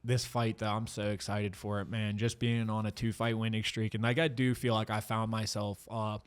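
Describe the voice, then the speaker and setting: A man's voice: on the low side, flat delivery, normal speed, smooth. A man who fights MMA, a guest in a casual podcast chat, laughing often and swearing freely as he rambles.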